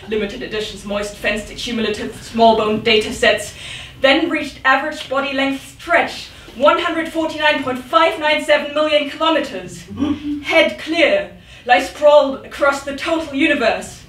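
A woman's voice: sits high, normal speed, a little hiss or hum. A woman poet giving a live reading in a rhythmic, dramatic manner with sudden outbursts. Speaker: poet reading her work. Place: event room. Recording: echoey room, mic at a distance.

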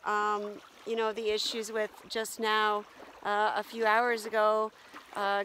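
A woman filming a solo camping vlog outdoors at a lake portage, talking reflectively with many pauses and ums. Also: mid-range voice, a bit bright, slight background noise.

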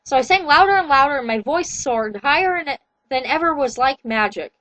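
A woman giving a comedic, deadpan reading of fan fiction, with wry asides. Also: high-pitched, fairly quick, no room sound, low-quality recording. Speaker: reader.

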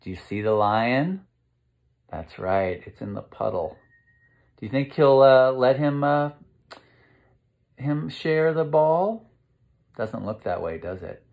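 A man reading a picture book aloud to children, asking them gentle questions as he goes. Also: medium pitch, animated, slow, gravelly, long pauses. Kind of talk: interactive read-aloud.

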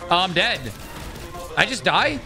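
A young man commenting as he plays a video game, swearing and venting in repetitive frustrated outbursts. His voice sits high and swings widely in pitch. Game music plays clearly behind him. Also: very animated, a little slow. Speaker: gaming YouTuber. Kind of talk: let's play commentary.

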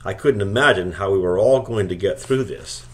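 A man reads a novel aloud in a calm, steady narration. His voice sits fairly low and unhurried, carrying the first-person story plainly. Scripted audiobook reading. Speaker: audiobook reader.

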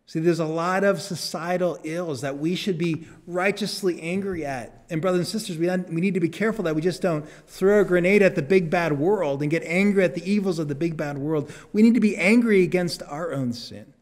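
A male pastor preaching a sermon, earnest, lifting his voice for emphasis and dropping it low on solemn words. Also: fairly quick, few pauses. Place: church sanctuary. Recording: long church reverb.

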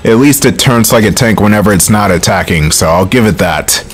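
A man's voice: fairly low pitch, lively intonation, soft background music. A man commenting on his gameplay in a casual, wry way, swearing often, recording from home. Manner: wry, swears often, quick bursts of frustration. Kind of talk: casual let's play commentary.

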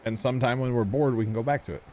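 A man streaming a farming game, chatting in a relaxed, rambling way with friends. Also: mid-range voice, rapid-fire, slight background noise. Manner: laid-back, rambling. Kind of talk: casual gaming stream chat.

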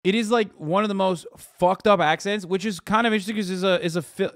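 A man hosting a reaction stream, chatting casually in an excitable, profane, rambling way. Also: high-pitched, fast talker, dry recording, studio quality. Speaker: streamer host.

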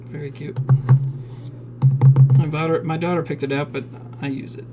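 A woman's voice: sits low, fairly even intonation, normal speed, heavy background noise. A woman from South Dakota cooking live on a stream, reading recipe steps aloud, swearing freely and answering chat in a home kitchen.

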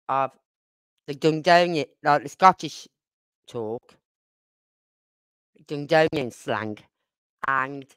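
Older brummie lady on a livestream, blunt and rambly, smooth clear voice. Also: low-pitched, no room sound. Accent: Birmingham (Brummie). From Birmingham, England. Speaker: livestream host. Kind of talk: casual livestream chat.

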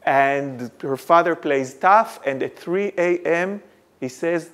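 Male lecturer, higher-pitched, dramatic storyteller with wry asides. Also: takes it slowly, a bit bright. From Israel. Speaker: guest lecturer.

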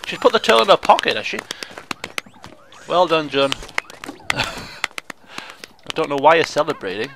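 A man giving chatty, excitable commentary on a video game, often laughing and exclaiming. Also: on the high side, normal speed, creaky, long pauses, noisy background. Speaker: gaming video host. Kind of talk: let's play commentary.

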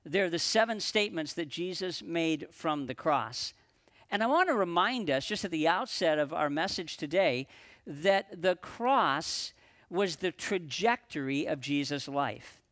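A man preaching a sermon as pastor at a live church service, earnest, slowing down and dropping his voice for emphasis. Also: a little high, expressive, a bit bright.

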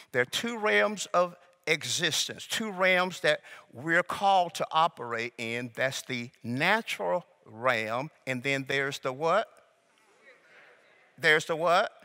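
Slow, emphatic male preacher in a reverberant hall. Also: mid-range voice, sharp tone. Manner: call-and-response, coaxing the congregation to repeat; slow, deliberate emphasis on key words. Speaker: pastor. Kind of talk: sermon teaching.

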